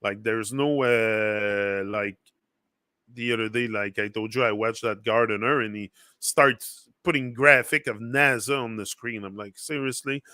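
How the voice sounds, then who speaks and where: Hosting an informal motivational livestream, a man whose native language is French speaks with a French accent in a bright, forceful voice that sits on the low side, with a steady tone and measured pace. He wanders through his thoughts, looping back with fillers and restarts. The recording is dry and close.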